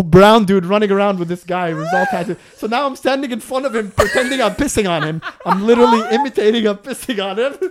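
A man in casual podcast chat, telling a travel story with lots of acted-out moments and laughter. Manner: animated, acts out scenes with rising pitch, laughs often.

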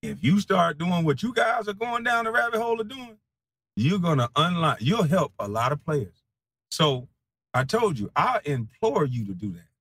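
A man in a heated, profane monologue, defiant and mocking, laughing scornfully and swinging between low mutters and loud taunts. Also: big pitch swings, normal speed, no echo. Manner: casual slang-heavy speech.

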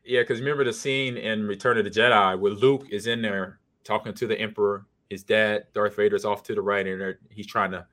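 A man co-hosting a podcast in casual chat, animated and quick to put on silly voices. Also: on the low side. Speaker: podcast co-host.

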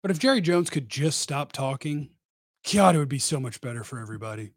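A man's voice: medium pitch, animated, a little fast, no echo, clean studio sound. A man hosting casual live-stream sports commentary, blunt and opinionated with a rambling delivery. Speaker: sports radio host.

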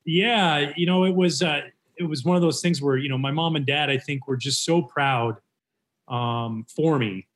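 A man from Canada tells his stories with energy, and his voice rises and falls as he acts out each person's words. He talks in a relaxed, casual way, like a guest swapping tales on a show. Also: on the high side, normal speed. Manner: animated storyteller acting out quotes. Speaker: former baseball pitcher, guest. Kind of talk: casual storytelling interview.

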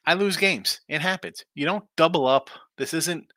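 A man's voice: fairly high pitch, moderate pace, sharp tone, dry recording. Tired, rambling man hosting a betting stream. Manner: loose, rambling, reads chat aloud. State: tired, yawning. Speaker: sports betting picks host. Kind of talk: casual live-stream chat.

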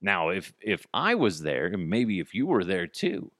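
A podcast host delivers a comedic solo rant, sarcastic and full of swearing, sometimes voicing both sides of an argument. His voice is deep, sing-song and fairly bright, a little slow. The recording is dry and studio quality.

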